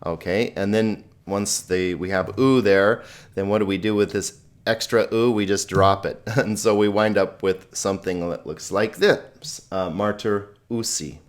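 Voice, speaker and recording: A man with a fairly low voice teaches a recorded lesson on Greek grammar. He talks in a patient, chatty way and slows down to spell out each Greek word. He chuckles at his own slips at the keyboard. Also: fairly even intonation. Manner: spells out Greek words slowly. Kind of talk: recorded screen lecture.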